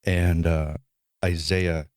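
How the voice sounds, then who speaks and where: Deep-voiced thoughtful middle-aged man. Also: flat delivery, a little mellow, dry recording, clean studio sound. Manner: thoughtful, measured, builds ideas slowly. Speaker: podcast co-host. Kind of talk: casual podcast conversation.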